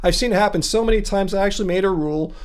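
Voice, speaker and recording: This livestream host is a man whose voice sits high with a darkish tone. Running a live Q&A, he reads comments from chat and fires back playful, sarcastic replies.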